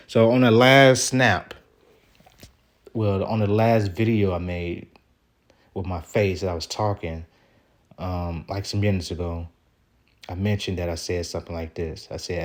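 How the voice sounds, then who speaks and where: A man's voice: sits low, fairly even intonation, moderate pace. A man talking straight to the camera in a vlog, venting in a rambling, aggrieved way and swearing casually as he reads out old text messages. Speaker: vlogger. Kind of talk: venting vlog monologue reading out texts.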